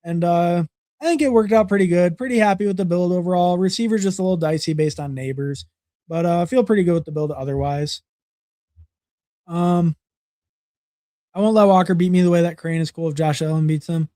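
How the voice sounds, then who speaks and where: A young man with a high-pitched, mellow voice hosts a livestream, talking fairly quickly as he casually reviews fantasy football draft picks. He rambles with many fillers and repeated words, in a dry, studio-quality recording.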